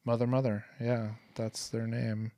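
A man's voice: mid-range voice, little pitch movement, unhurried, dark tone, dry recording, studio quality. A man co-hosting a podcast in casual chat, jokey and rambling, swearing now and then. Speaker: podcast co-host.

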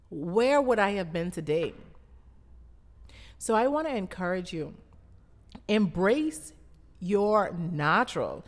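Bahamian woman, unhurried and emphatic; preacher-like repetition, long hall reverb. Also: medium pitch, expressive, a bit bright. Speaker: brand founder. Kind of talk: motivational talk.

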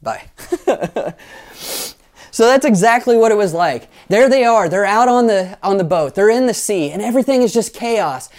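Animated pastor man preaching. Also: high voice, moderate pace. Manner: animated storyteller, playful asides, leads the congregation in actions. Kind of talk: sermon.

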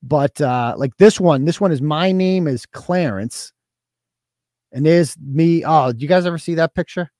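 A man hosts a live weekend show, chatting loosely and swearing freely as he tells his stories. His voice sits a little high for a man, and the sound is dry and close with no room echo. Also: brisk, hardly any pauses, mellow. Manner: profane, boastful storytelling. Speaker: host. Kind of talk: casual live-show chat.

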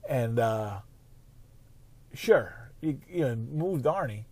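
A man's voice: medium pitch, expressive, takes it slowly, a little mellow, breathy edge, dry recording. A man hosting a casual solo sports podcast, rambling and swearing freely. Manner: rambling, profane, conversational. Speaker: podcast host.

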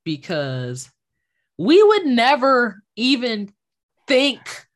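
Woman, podcast co-host, casual chat, animated storyteller, wide swooping pitch, laughs and curses. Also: drawn-out words. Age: millennial.

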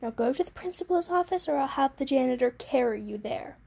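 A stern, scheming kindergarten teacher, read by a woman playing a game scolds in a haughty way. The voice sits high with a gravelly fry. The tone is dark and mellow. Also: a little fast. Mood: scolding. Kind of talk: let's play character reading.

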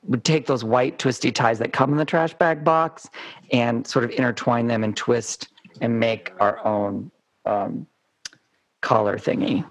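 A man's voice: mid-range voice, fairly even intonation, a little slow, no room sound, rough recording. A man chatting as a guest on a game segment, amused and rambling as he talks through his ideas. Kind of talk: casual chat.

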